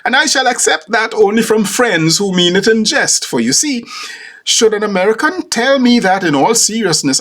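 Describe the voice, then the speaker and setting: A man's voice: sits high, fairly bright tone. A man hosting a podcast, delivering a humorous scripted monologue with formal, precise diction. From Caribbean. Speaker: podcast host.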